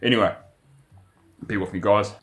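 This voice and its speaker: A man's voice: fairly low pitch, steady tone, normal speed. A young man, rambling through a profane, casual vlog monologue full of restarts. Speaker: vlogger.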